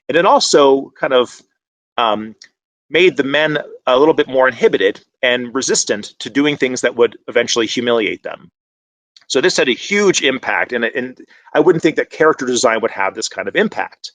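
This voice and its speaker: A man presents to an online conference, talking in a loose, conversational way that keeps picking up energy. His pitch sits in an ordinary middle range. The sound is dry and close, with no room around it. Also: normal speed, no echo. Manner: conversational and animated, many fillers.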